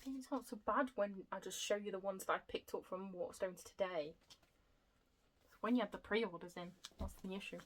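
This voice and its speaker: A young woman chatting casually to camera about her book haul, excitable and quick to laugh at her own slips. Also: medium pitch, slight background noise, poor audio. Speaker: book vlogger.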